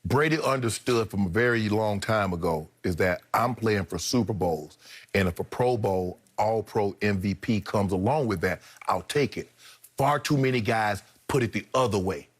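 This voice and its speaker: A middle-aged man co-hosting a studio sports debate, talking in a colloquial, animated and incredulous way. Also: lowish voice, moderate pace, slightly rough.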